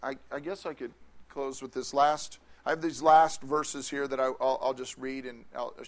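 A man preaching a sermon with emphatic, drawn-out phrases, moving between loud declarations and hushed, soft passages. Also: mid-range voice, fairly even intonation.

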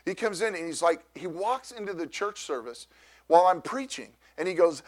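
A middle-aged man preaches, his voice sitting high for a man. He tells a personal story loudly and with animation, often restarting his sentences as he goes. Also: lively intonation, a little fast. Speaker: pastor. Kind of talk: storytelling sermon.

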